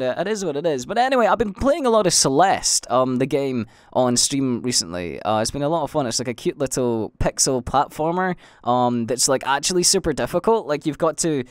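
On his own podcast, a Scottish livestreamer in his youth delivers a loose solo monologue packed with fillers, false starts, and curses. His voice leans high, and the recording is dry with clean studio sound.

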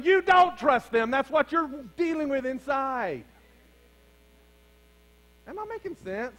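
A man preaches to his congregation in a higher register, leaning into calls and challenges as the fervor builds. A faint mains hum sits under his voice in the church. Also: sing-song, takes it slowly, pauses often, fairly bright tone, low-quality recording. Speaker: pastor. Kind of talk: sermon. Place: church sanctuary.

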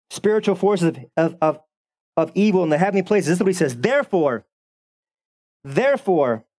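A man preaching a sermon as the pastor, animated and sarcastic, often repeating words as he builds up. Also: high-pitched.

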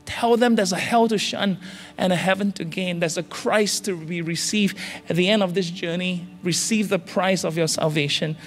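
A man's voice: sits high, normal speed. A man from Singapore, a senior pastor preaching an impassioned sermon in a large church hall, pressing his listeners with urgent, repeated calls. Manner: urgent, repetitive exhortations with rising calls. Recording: reverberant church hall with faint music.

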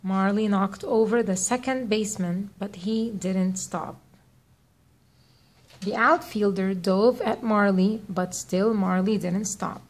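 A woman narrating a read-aloud children's story in a clear, measured way. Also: medium pitch.

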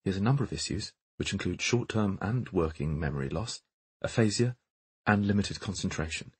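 A man's voice: low voice, animated, brisk, husky, dry recording, exaggerated voice. A man voicing a cool, matter-of-fact mother. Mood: composed. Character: calm, matter-of-fact mother, middle-aged woman.

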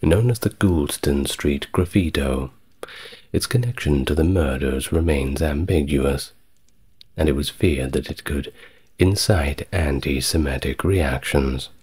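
A man giving a calm, soft-spoken ASMR history narration, measured and steady, with wry conversational asides. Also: a bass voice, husky.

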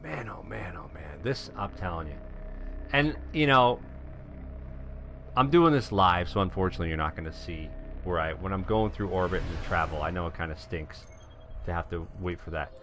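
A middle-aged man from New York giving excitable live gameplay commentary, calling out to viewers and shouting when things go his way. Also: deep voice, moderate pace, slight background noise. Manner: excitable, shouts at wins, talks to viewers as folks. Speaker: gaming live streamer.

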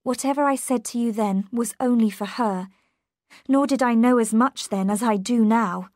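A woman's voice: a little high, normal speed, darkish tone, no room sound, voice pushed up, close to an everyday voice. A frightened, pleading young woman, voiced by a woman reading aloud. Her voice is urgent and close in a dry recording, with no room around it. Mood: earnest.

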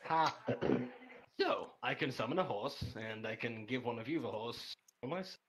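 A man at a tabletop game table, talking casually and retelling in-game events with lots of energy. His pitch swoops up and down as he goes, often with a laugh close behind. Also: normal speed, noisy background. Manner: animated, laughing storyteller.

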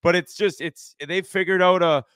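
A man in his forties with a slightly raised pitch swaps locker-room stories in a relaxed podcast chat. He swears freely and chirps his friends. The sound is close and dry. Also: moderate pace, dry recording. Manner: swearing, storytelling, chirping banter. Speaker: podcast guest, former hockey player. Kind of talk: casual chat.

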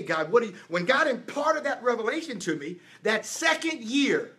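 A middle-aged preacher with a high, bright voice delivers an emphatic sermon. He tells his story and drives his points home through repetition. His voice climbs and falls as he builds. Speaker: apostle and preacher. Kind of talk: sermon teaching with testimony.

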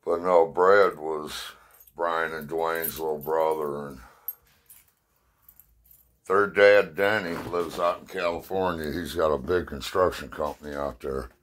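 A man's voice: a bass voice, steady tone, unhurried, fairly bright tone. A middle-aged man telling rambling, profane stories from his past in casual talk, sounding short of breath. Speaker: storyteller. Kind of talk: casual spoken memories.

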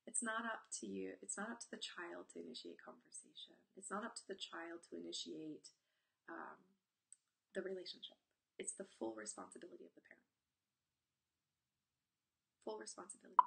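A woman's voice: mid-range voice, a little fast, creaky, pauses often. A woman in her forties, a parenting coach on a live stream, talking bluntly and nonstop, swearing freely and telling stories from her own family. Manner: talks nonstop in an animated, emphatic way. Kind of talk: live-stream talk to viewers.

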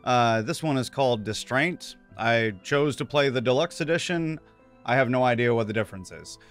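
A man's voice: medium pitch, moderate pace, soft background music. A man hosting a let's play, commenting casually and wryly on a game from a studio. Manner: relaxed, wry, talks over gameplay.

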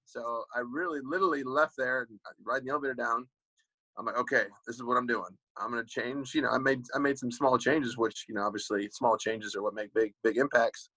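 A man's voice: medium pitch, fairly quick, pushed and bright, breathy edge, no room sound, rough recording. A man in his forties, a former pro football player, talks casually as an interview guest and tells rambling stories full of "you know" and restarts.

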